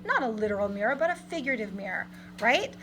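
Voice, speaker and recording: A woman's voice: on the high side, big pitch swings, fast, bright, forceful tone, a little hiss or hum, rough recording. A woman English teacher giving a literature lesson, reading lines aloud and explaining them in plain modern paraphrase.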